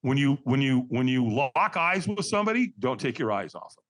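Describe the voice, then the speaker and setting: The podcast guest here teaches firewalking and tells his story with big pitch swings around a medium pitch, at normal speed and with a fairly bright tone. He calls the host Doc and acts out the quotes in shifting voices.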